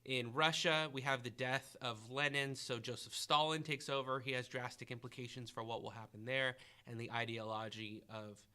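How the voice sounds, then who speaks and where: A man's voice: medium pitch, steady tone, moderate pace, few pauses, pushed and bright, clear, resonant tone. A man hosting a history review podcast, asking a student questions and encouraging the answers. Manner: questioning, encouraging, thinking aloud. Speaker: history teacher and podcast host.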